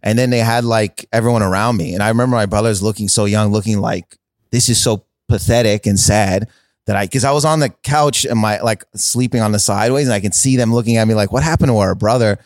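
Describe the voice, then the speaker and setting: A man's voice: lowish voice, fast, no room sound, studio quality. A man from Canada, a comedian, telling rambling stories in casual chat and laughing along with them. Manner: rambling, laughs through his own stories. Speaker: comedian guest.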